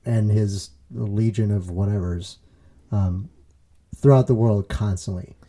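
Give me a mellow-sounding man co-hosting a podcast, loose and rambling. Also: on the low side, takes it slowly. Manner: rambling, full of fillers and restarts, laughs easily. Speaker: podcast co-host. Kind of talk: casual chat.

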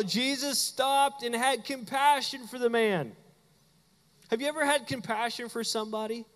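High-voiced pastor preaching in a hall. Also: male voice, fairly bright tone. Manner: conversational and playful, acting out quick asides. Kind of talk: sermon. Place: church sanctuary. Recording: hall reverb.

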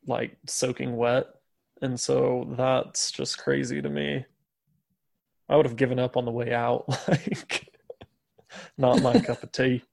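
A man chats through a story on a casual podcast. His voice carries a gravelly edge, and his telling is loose, full of fillers and easy laughs. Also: medium pitch, a little mellow. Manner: chatty, laughs often, filler-heavy storytelling.

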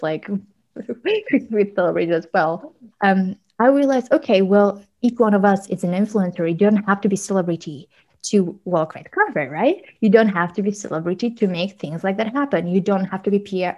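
A woman working in media, a guest telling animated stories with frequent laughs and fillers in a casual interview. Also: mid-range voice, rough recording. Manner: animated storyteller, laughs often, many fillers.

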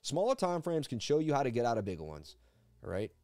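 A man hosting a casual live stream of crypto chart analysis from his seat at a desk, talking in an energetic, rambling, jokey way. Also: medium pitch, fast talker, no room sound. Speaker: crypto market analyst host. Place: seated at a desk indoors.

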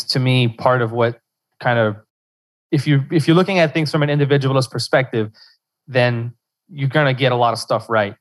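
A young man answering interview questions in casual talk, halting and restarting as he searches for words. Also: mid-range voice. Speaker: podcast host as guest.

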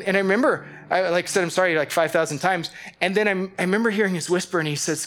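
A man's voice: high voice, rapid-fire, few pauses, fairly bright tone, soft background music. A man leading a Bible study, preaching in a casual, chatty way, laughing often and restarting his sentences. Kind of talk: sermon.

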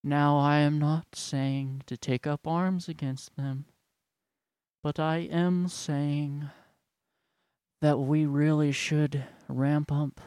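A man's voice: a little high, clear, resonant tone, no room sound, clean studio sound. A man mimicking a droning old church elder. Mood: pompous droning. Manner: slow, monotone, solemn drone. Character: droning older male church elder preaching.

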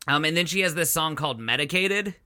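Bright-voiced man chatting loosely. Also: fairly high pitch, lively intonation, fairly quick. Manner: filler-heavy, loose and easygoing. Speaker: podcast co-host. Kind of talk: casual chat.

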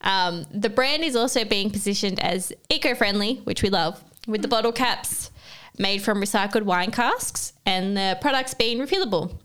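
A woman's voice: mid-range voice, lively intonation, normal speed, fairly bright tone, smooth. An Australian woman co-hosting a casual chat, reading out news items with wry asides. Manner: wry, reads out stories with asides. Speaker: podcast co-host.

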